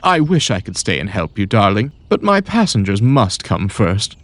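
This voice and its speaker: A man's voice: on the low side, big pitch swings, normal speed, no echo. A man voicing a female railcar in a storybook, motherly and reassuring, calling others darling. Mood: caring. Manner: calls everyone darling, reassuring.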